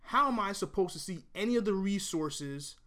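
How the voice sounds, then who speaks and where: A man's voice: high voice, lively intonation, normal speed, bright, forceful tone. A man venting his opinion to camera in a blunt, emphatic rant, swearing freely and repeating himself as he argues. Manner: repeats and restarts phrases while arguing. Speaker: vlogger.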